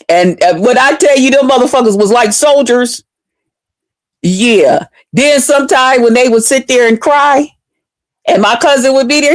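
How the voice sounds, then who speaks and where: Woman, higher voice, animated, profane, casual storytelling, dry close sound. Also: moderate pace, no echo. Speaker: vlogger.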